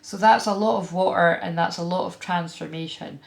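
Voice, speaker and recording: Scottish woman, vlog host, low gravelly voice, blunt and chatty delivery. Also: moderate pace. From Scotland. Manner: frank, animated, chatty with frequent fillers and asides. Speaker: tarot reader and spiritual channeler. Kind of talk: casual spiritual vlog talk.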